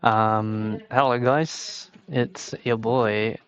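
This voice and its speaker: A man's voice: lowish voice, steady tone, drawn-out words, muffled recording, a crowd in the background. A young man from the UK on a headset mic, casually commentating a game tournament alone, rambling and poking fun at himself. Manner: rambling, self-mocking, chatty.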